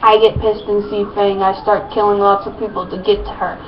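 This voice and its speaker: A woman's voice: mid-range voice, flat delivery, a little fast. Woman reading her own story aloud, muffled. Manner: plain read-aloud delivery with small slips and restarts. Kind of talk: reading fan fiction aloud. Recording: muffled lo-fi with faint noise.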